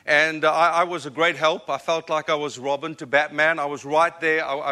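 A man's voice: a little high, steady tone, normal speed, few pauses, pushed and bright. A man in his forties with an African accent, preaching a sermon as a guest speaker and telling a story with earnest, self-deprecating humor. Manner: earnest, self-deprecating, repeats words when building up.

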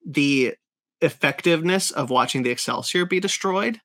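A man's voice: a little high, animated, normal speed, a bit bright. A man hosting a podcast, chatting casually and with strong opinions, full of fillers and restarts. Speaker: podcast host. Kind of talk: casual review chat.

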